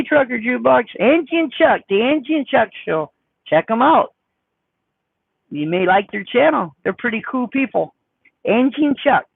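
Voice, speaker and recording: A man with a squeaky voice, chatting casually on a live stream as he reads viewer comments, blunt, defensive and folksy. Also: creaky, breathy edge. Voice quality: squeaky high voice. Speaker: trucker vlogger reading live chat. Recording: dry, phone-like sound.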